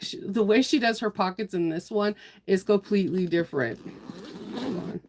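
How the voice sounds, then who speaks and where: A woman hosting a sewing livestream, chatting casually, laughing often and answering viewers' comments as she works. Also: fairly low pitch.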